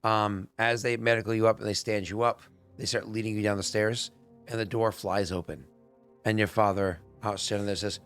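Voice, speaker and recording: Low male game master, rambling narration, faint music underneath. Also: steady tone, normal speed, fairly bright tone, clean tone. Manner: rambling, many fillers.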